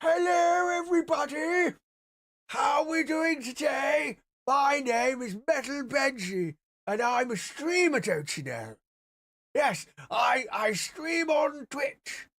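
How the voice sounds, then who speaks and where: A man voicing a doddery old man who announces himself loudly and slowly. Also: very high-pitched, animated, voice pushed up, full character voice. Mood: pompous. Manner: raised, shouting, slow and pompous.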